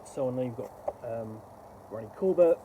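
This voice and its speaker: Fields: homem, voz muito escura, hesitante. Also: male voice, mid-range voice, lively intonation, warm tone, slight background noise, rough recording. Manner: rambling and halting, trailing off. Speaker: book unboxing host. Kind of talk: casual unboxing commentary.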